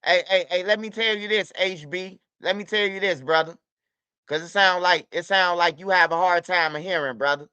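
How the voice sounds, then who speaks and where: High, bright-voiced man ranting on a stream. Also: normal speed, smooth, no echo. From United States. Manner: loose, profane, repetitive street talk. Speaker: livestream host. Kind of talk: casual livestream talk.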